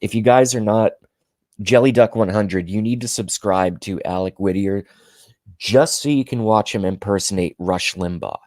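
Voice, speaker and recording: A man with a low-pitched voice rants his way through a political monologue, emphatic and indignant, hammering his points by repeating them. The sound is dry and close, with no room around it. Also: normal speed, darkish tone, no room sound. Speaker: political commentary vlogger. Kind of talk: ranting monologue.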